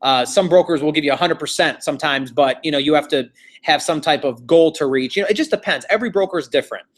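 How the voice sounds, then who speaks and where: A man's voice: fairly high pitch, quick pace. A man teaching a real estate class, telling a story in a casual, chatty, repetitive way.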